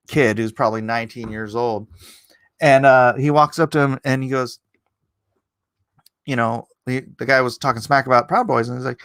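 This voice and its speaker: A middle-aged man hosting a livestream, talking in a rambling, sarcastic opinion monologue that jumps up in pitch when he gets indignant. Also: normal speed, a bit bright, no room sound, clean studio sound. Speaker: livestream host.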